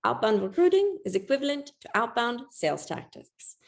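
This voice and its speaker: A woman reading a quote aloud in a playful mock French accent, slow and deliberate. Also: a little high, sing-song, gravelly, voice pushed up. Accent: attempted French accent.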